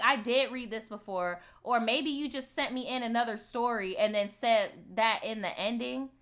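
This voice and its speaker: A woman with a bright, forceful voice hosts a storytime video. She reads viewer stories aloud and then chats casually with her audience, blunt and full of profanity. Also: on the high side. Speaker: storytime host.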